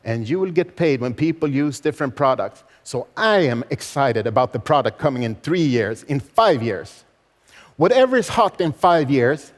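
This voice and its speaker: A man in his forties giving a motivational stage speech, emphatic and repeating key phrases with rhetorical questions. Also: a little high. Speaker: motivational speaker. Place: large event hall. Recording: long hall reverb.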